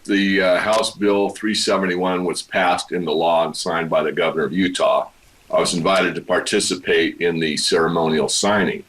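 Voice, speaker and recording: A man with a very low voice speaks as an interview guest. He explains things steadily, step by step. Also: fairly even intonation, normal speed, fairly bright tone, low-quality recording.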